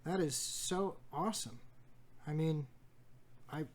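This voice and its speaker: A man's voice: a little high, normal speed. A man hosting a casual pack-opening video, reading card text aloud with jokey asides and stumbles. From United States. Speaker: card shop host opening packs.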